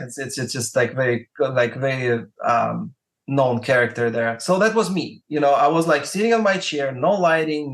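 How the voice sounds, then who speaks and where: Rambling man with a Russian accent. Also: on the high side. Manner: rambling, peppered with "like" and "right?". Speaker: guest, music promoter. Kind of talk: casual advice-giving talk.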